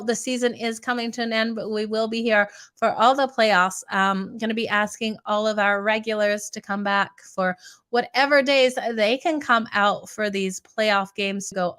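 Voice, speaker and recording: A woman hosting a sports betting podcast, her voice raspy and strained today, chatting through picks and calling her viewers "you guys". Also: mid-range voice, fairly even intonation, moderate pace, fairly bright tone. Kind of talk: casual betting picks rundown.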